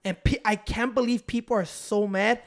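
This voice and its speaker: Ranting man, fairly high voice. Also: steady tone, normal speed, vocal fry. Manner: heated, ranting, swears often. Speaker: podcast co-host. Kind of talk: casual profane chat.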